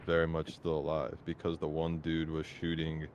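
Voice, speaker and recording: Deep-voiced man chatting while gaming. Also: completely flat delivery, lo-fi sound, heavy background noise. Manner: rambling, halting. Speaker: gamer. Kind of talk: casual voice chat while gaming.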